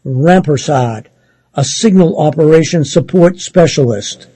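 A man reading a news article aloud in a measured, steady way, sometimes stopping to correct himself. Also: on the high side, slightly rough, no room sound, rough recording. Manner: measured, steady read with occasional self-corrections.

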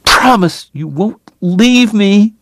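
A woman's voice: deep voice, animated, slow pace, vocal fry, dry recording, clean studio sound, pitched above the performer's own voice, full character voice. A man reading an audiobook, voicing a tearful woman who begs her dying lover, with a few words slipped into French. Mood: pleading. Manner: pleading, sobbing, slips into French.

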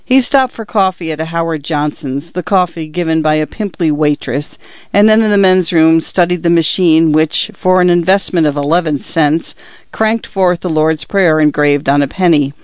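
Woman, narrator, scripted story reading, measured, dull lo-fi, dry. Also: sits low, darkish tone, no room sound.

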